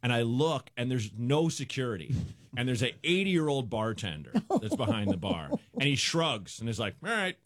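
A man's voice: mid-range voice, no room sound, clean studio sound. A man, a stand-up comedian, guesting on a radio show and telling a rambling story, acting out the people in it. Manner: rambling, animated storyteller who acts out characters.

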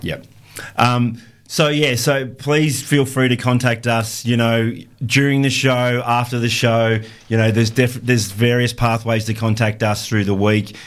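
A man's voice: mid-range voice, steady tone, unhurried. A man co-hosting a community radio show, upbeat and rambling with fillers and restarts. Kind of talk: casual radio chat.

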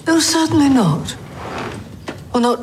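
A woman's voice: high-pitched, expressive, unhurried. An actress playing a stern, clipped woman prime minister in a drama clip. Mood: firm. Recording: film clip with background noise.

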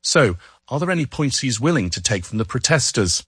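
A man reading a scripted radio report as a foreign correspondent, in a measured reporting voice. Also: mid-range voice, big pitch swings, a bit bright, slightly rough, dry recording.

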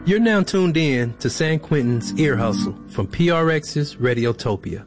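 A man hosting a podcast, introducing the show in a calm, measured way. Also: on the high side. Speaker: host. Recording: loud music bed behind.

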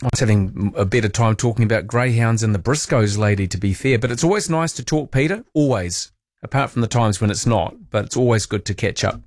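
Chatty New radio host, dry sound. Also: male voice, fairly low pitch, brisk, no room sound. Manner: relaxed, chatty, reads listener texts aloud. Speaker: overnight radio talk host. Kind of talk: casual late-night radio chat. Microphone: studio microphone.

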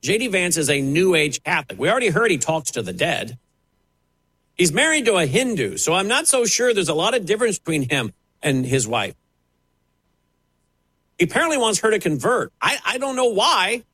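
A man's voice: high-pitched, sing-song, normal speed, fairly bright tone, husky, no echo, low-quality recording. A man giving pointed, sarcastic opinion commentary on air, talking in a loose conversational way. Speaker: radio commentator.

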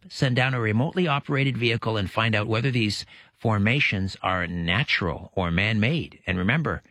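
A man's voice: fairly low pitch, fairly bright tone, no echo. A man guest-hosting a late-night radio talk show, chatty, often correcting himself mid-sentence. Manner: chatty, restarts and self-corrections. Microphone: studio microphone.

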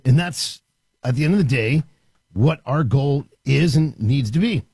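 A male talk radio host speaking from a studio in a lively, swinging delivery. His voice is husky and fairly high for a man, with a close, dry sound. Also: normal speed, no room sound. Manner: animated, emphatic with frequent restarts.

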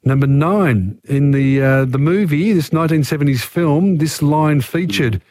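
Man, radio quiz host, fairly high voice, dry close sound, measured question reading. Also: a little mellow, no room sound.

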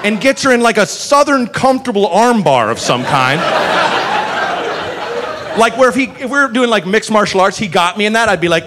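Animated high-voiced male stand-up comic. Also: moderate pace, very noisy. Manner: animated, profane, laughing through lines. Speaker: stand-up comedian. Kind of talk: stand-up storytelling.

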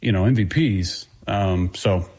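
A man's voice: low voice, steady tone, darkish tone, husky. Confident male football analyst. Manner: fast, confident breakdown with restarts. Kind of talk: casual sports talk.

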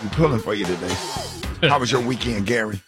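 A man's voice: lowish voice, fast, over music. A man hosting a comic radio morning show, teasing and telling jokey stories. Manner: teasing, joking storyteller.

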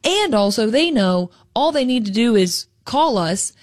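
A young woman with a Southern US accent, explaining financial planning in a measured way as a radio co-host. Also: on the high side, expressive, no room sound, clean studio sound. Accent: Southern US (Alabama). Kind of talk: casual radio chat.

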